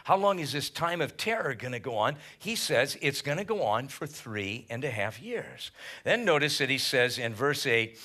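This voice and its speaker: Male pastor, midweek church sermon; bright, slightly high voice, animated and emphatic, casual slang. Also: moderate pace.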